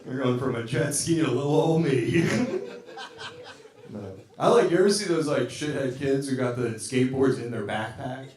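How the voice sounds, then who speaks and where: A man's voice: mid-range voice, normal speed, darkish tone. A man doing a live stand-up set, teasing the crowd with loose, chatty jokes and laughing asides. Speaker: stand-up comedian. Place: live music venue with a band on stage. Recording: roomy live venue from a distance.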